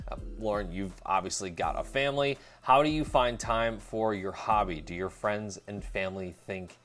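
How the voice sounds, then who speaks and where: Low-voiced man hosting an interview. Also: normal speed, fairly bright tone. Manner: friendly, reads out viewer questions. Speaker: host. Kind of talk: casual interview.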